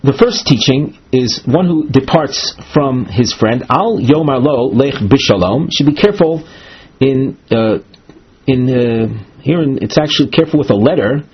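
A man with giving a Talmud lesson, reading each phrase and then explaining it with many halting "uh" pauses. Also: medium pitch, lively intonation, husky. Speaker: Talmud teacher. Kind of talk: text study lesson, reading and translating. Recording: dull lo-fi recording.

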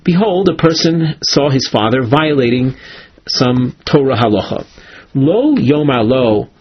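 A man teaching a Talmud class, reading Hebrew and Aramaic source lines aloud and explaining them in English, slowing down to chant key phrases. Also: medium pitch, lively intonation, slightly rough. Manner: slows down to chant source phrases, with small restarts. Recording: dull lo-fi lecture recording.

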